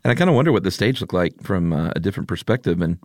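A man in his forties co-hosting a podcast, relaxed and joking, laughing often. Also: low-pitched, racing, no echo, clean studio sound. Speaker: podcast co-host. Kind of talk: casual chat.

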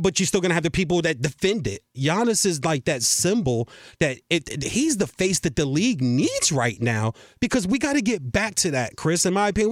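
A man with a high, lively voice that swings up and down as he riffs and jokes about sports. He is recorded close and dry, with no room sound. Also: no echo. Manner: animated, jokey, drawn-out riffs. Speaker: sports talk co-host. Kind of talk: casual sports talk.

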